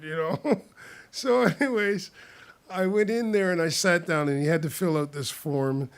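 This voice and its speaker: A man's voice: sits high, moderate pace, clear, resonant tone. A man casually telling stories about his past, rambling with restarts and chuckling often as he talks. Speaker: storyteller. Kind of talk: casual spoken storytelling.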